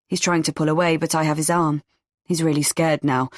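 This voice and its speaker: A woman reading a first-person audiobook in a tense, measured storytelling manner. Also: sits low, level tone, dry recording, studio quality. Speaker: audiobook narrator.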